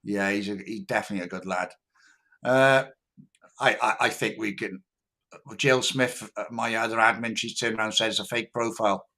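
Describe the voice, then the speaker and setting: A man hosts a casual livestream and reads viewer comments aloud. He talks in a relaxed way, often restarts his sentences, and calls people "mate". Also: on the low side, normal speed. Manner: laid-back, stumbling restarts, says "mate". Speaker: livestream host.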